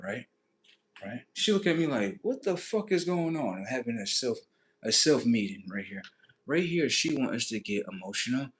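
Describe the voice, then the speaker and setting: A man hosting a livestream, telling crude, comedic stories in an animated, rambling way. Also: fairly low pitch. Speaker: livestream host. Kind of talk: profane comedic storytelling.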